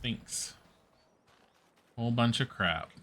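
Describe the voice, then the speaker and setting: A man streaming a game, thinking aloud in an unhurried, bright, forceful voice. He mutters to himself and swears and groans when things go wrong. The delivery is casual running commentary. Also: mid-range voice.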